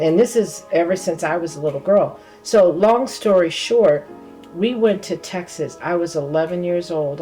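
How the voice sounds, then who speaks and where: A woman who grew up in California, a podcast guest telling a personal story in a lively, laughing way. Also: deep voice. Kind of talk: casual storytelling.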